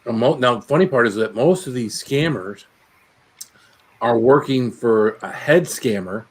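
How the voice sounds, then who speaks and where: A man's voice: medium pitch, measured pace, breathy edge. A man in a casual group chat, explaining in a matter-of-fact way.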